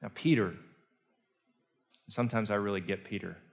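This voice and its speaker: A male pastor preaching a sermon, telling the story earnestly and moving between hushed and emphatic delivery. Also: on the low side, normal speed, gravelly. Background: soft guitar music.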